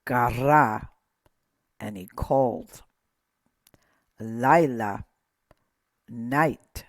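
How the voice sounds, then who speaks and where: A man teaching a pronunciation lesson, saying each word slowly and repeating it while pointing out accent marks. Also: medium pitch, dry recording. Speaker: Hebrew teacher.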